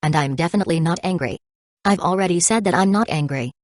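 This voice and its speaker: A woman's voice: on the low side, quick pace, no room sound, clean studio sound, natural voice. A woman doing a sarcastic, grudge-holding young man. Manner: mock-gentle, sarcastic. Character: smiling, vindictive young man who holds grudges.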